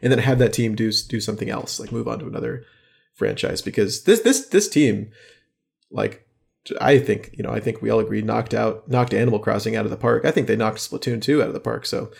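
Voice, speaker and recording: Podcast host guy, gravelly voice, rambly and teasing, lots of ums. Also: fairly low pitch, fairly quick, a little mellow. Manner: rambling, many fillers, teasing. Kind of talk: casual chat. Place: their own studio.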